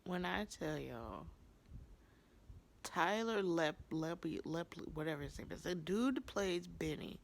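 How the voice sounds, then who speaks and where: A young woman with a somewhat low voice chats through a TV episode recap into her phone or webcam. She is gossipy and animated, laughing a lot and jumping into high, exaggerated voices whenever she quotes someone. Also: a little slow, creaky. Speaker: TV episode reviewer. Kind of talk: casual vlog recap.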